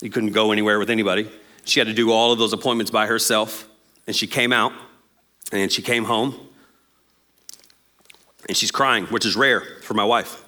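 A man, preaching a sermon as pastor in an animated, jokey way and acting out quotes. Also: lowish voice, moderate pace, long pauses.

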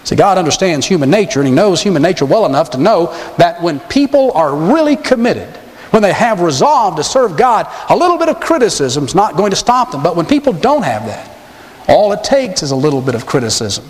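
Male pastor, sermon, high voice, dramatic storytelling, long hall reverb. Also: a little fast. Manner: animated storytelling, dramatic emphasis.

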